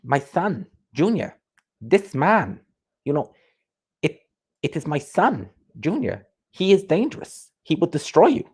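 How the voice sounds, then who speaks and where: A man doing a halting, theatrical impression of a proud, grandiose older male boxing father. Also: fairly high pitch, sing-song, a little mellow, husky, pitched above the performer's own voice, heavily acted. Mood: boastful.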